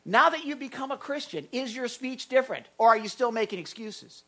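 A male pastor preaching a sermon in an animated way, repeating words and adding asides. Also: very high-pitched, a little fast.

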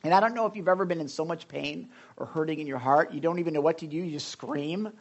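Male pastor, lively conversational sermon, slightly higher voice. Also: quick pace, dull audio. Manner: animated, conversational preaching with asides and jokes. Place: hot church room.

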